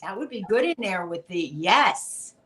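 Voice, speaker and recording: A woman's voice: medium pitch, sing-song, a little slow, a bit bright. A woman co-host chatting casually about baking in a home kitchen, practical and a bit rambling. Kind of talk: casual chat while baking.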